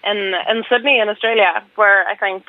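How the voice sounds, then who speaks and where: A woman's voice: medium pitch, fairly even intonation, fairly quick, dry recording. Giggly Swedish woman on a dull line. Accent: Swedish, with a Northern Irish mix. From Sweden. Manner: giggly, hesitant, many fillers. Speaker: restaurant owner, guest. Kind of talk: casual radio interview.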